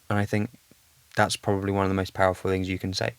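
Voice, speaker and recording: A man's voice: deep voice, completely flat delivery, quick pace, smooth, dry recording. A young man speaking as a podcast guest in a candid, reflective conversation, thinking aloud earnestly.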